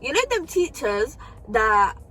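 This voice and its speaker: A woman's voice: fairly high pitch, big pitch swings, slow pace, sharp tone. A young woman telling a storytime vlog in casual, slangy talk with frequent swearing and fillers. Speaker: vlogger.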